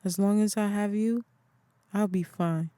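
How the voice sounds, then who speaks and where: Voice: medium pitch, fairly even intonation, a little slow, mellow, no echo, close to an everyday voice. A reader voicing an earnest young woman in an audiobook who asks questions with eager feeling. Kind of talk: audiobook character voice.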